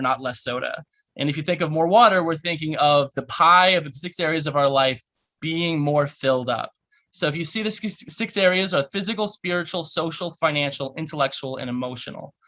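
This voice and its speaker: A man, a therapist, giving a lively, fast-paced workshop talk and explaining ideas with quick examples. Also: fairly high pitch. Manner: fast-talking, animated, explanatory.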